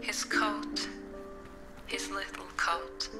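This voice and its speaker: A woman's voice: mid-range voice, fairly even intonation, drawn-out words, creaky. A woman voicing an anxious, guilt-ridden mother hunting for her kidnapped son in a video game. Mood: grieving. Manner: desperate, guilt-ridden, hushed inner narration. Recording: game audio with loud music.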